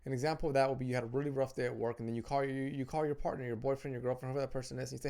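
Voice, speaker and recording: A man with a gravelly, creaky voice gives relationship advice straight to camera. He talks in an earnest, conversational way, doubling back on his words as he checks his notes. His pitch sits in an ordinary middle range. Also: little pitch movement, rapid-fire, hardly any pauses, dark tone. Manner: earnest, repeats words and restarts phrases while reading notes. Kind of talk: casual advice talk to camera.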